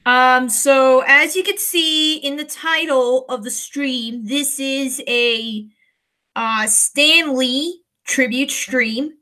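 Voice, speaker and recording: A woman from the United States hosting a casual livestream, hesitant and emotional, close to tears, with many pauses and restarts. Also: high voice, bright, forceful tone. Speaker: livestream host.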